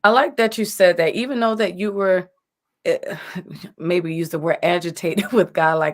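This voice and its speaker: A woman's voice: on the low side, moderate pace. A woman hosting a live video chat, affirming her guests and turning to ask them questions. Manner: affirming, frequent mm-hmms, animated quotes. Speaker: host. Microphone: video call.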